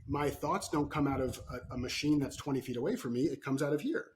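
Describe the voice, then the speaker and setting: Brief: mid-pitched male coach, animated storyteller, podcast guest. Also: fast, slight background noise. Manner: animated storytelling, frequent "right?" tags. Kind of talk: podcast interview.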